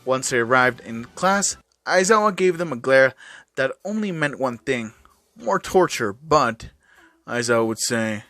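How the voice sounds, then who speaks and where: A man's voice: medium pitch, lively intonation, moderate pace, a bit bright, no echo. A man who hosts a channel, casually reading fan fiction aloud with small slips and fillers.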